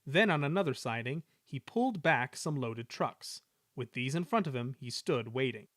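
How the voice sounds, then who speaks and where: A man reading a children's railway story aloud in a measured, expressive way. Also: medium pitch, no echo, studio quality. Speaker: reader.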